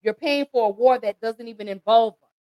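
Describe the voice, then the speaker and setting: A woman's voice: on the high side, brisk, dark tone, no echo, poor audio. A woman hosting an emotional commentary, pleading and impassioned as she talks straight to her listeners. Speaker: host.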